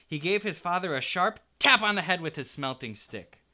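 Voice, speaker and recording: A man, an art teacher, reading a children's storybook aloud in an expressive, playful way. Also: sits high, moderate pace.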